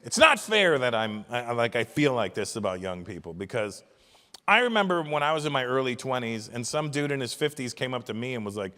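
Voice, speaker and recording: A man in his fifties doing a stand-up comedy routine, animated and profane, dropping into mocking voices. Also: medium pitch, a little fast. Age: 50s. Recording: echoey hall from a distance.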